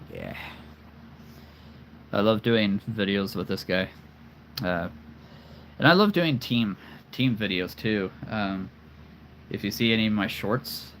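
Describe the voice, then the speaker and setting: Slow-talking enthusiastic man, low voice. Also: a little hiss or hum, low-quality recording. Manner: enthusiastic, repeats phrases, chuckles often. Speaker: host showing his toy figure collection. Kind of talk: casual livestream chat.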